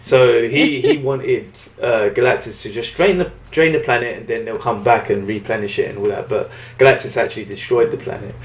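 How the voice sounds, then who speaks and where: A man's voice: mid-range voice, a little fast, few pauses, reverberant, slight background noise. A man casually recapping a comic book story on a podcast, rambling and acting out the characters' lines. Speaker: podcast co-host.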